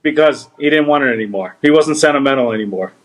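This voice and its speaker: Animated storytelling man, lively pitch. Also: fast talker. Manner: animated, acts out quoted people. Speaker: co-host, car dealer. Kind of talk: storytelling in casual chat.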